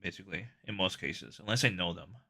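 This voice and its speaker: A man chatting on his live stream in a rambling, self-conscious way, stumbling over restarts. His voice is low with a gravelly rasp and a bright, tense edge. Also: quick pace. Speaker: livestreamer. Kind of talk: casual live stream chat.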